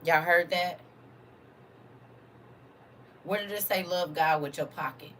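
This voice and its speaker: A woman's voice: fairly low pitch, slow pace, a little hiss or hum. Fervent woman preacher, distant mic. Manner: fervent, rhetorical questions, vernacular. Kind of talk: informal preaching to a congregation.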